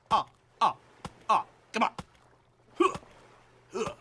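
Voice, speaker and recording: A middle-aged man talks over a survival game in a bright, fairly high voice that swings widely in pitch. He drawls slowly, mumbling fillers and remarks to himself. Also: sing-song, slight background noise. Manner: mumbling fillers, muttering to himself, bursts of silly singing. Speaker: gameplay commentator. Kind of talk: casual let's-play commentary.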